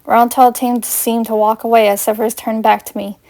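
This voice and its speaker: A woman's voice: a little high, level tone, fairly quick, warm tone. A woman reading her own first-person fanfiction aloud in an earnest storytelling way. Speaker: fanfiction reader.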